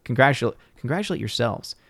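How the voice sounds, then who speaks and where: A man's voice: mid-range voice, fairly quick, gravelly, husky, no echo, studio quality. Upbeat male streamer reading names. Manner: reads supporter names with lively upward inflection; jokey, playfully mangles words. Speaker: livestream host. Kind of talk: casual stream sign-off and shout-outs.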